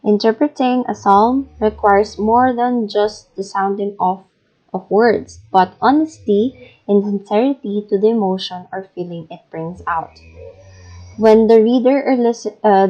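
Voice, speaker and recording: A Filipino woman teaching an English lesson, patient and deliberate, with many fillers as she models phrases aloud. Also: medium pitch, mellow, muffled recording. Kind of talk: recorded classroom lesson.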